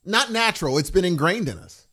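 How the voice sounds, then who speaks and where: Animated podcast guy, slightly high voice. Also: brisk. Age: middle-aged. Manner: animated, acts out quoted voices. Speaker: podcast co-host. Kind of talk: casual chat.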